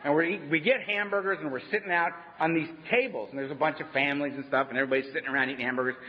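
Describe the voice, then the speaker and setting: Man, higher-pitched, wry conversational storyteller at a meeting, dull recording with long hall echo. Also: fairly even intonation, rapid-fire. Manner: storytelling, conversational, wry humor, asks "right?". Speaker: AA speaker. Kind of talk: personal recovery talk to a meeting. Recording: dull lo-fi sound in a reverberant hall.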